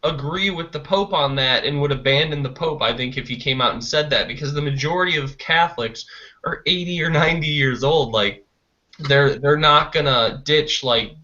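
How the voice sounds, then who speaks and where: A man thinks out loud in loose, rambling sentences packed with fillers. His voice is bright and mid-pitched. The audio is muffled and lo-fi. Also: normal speed. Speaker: podcast co-host. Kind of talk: casual live-stream panel talk.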